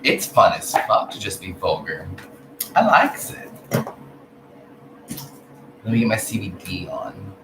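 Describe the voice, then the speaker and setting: A man giving a casual, profane spiritual rant, blunt and animated, swinging between loud outbursts and low mutters. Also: moderate pace, hardly any pauses. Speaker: vlogger. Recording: echoey room with background noise.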